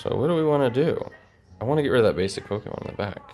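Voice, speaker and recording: A man casually commenting on his own card game, animated and self-mocking. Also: medium pitch, very fast. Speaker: host, card game player.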